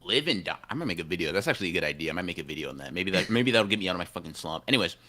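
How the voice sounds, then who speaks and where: A man's voice: sits low, lively intonation, rapid-fire, pushed and bright. A man co-hosting a casual anime podcast stream, rambling, slangy and repeating himself as he argues his take. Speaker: podcast co-host.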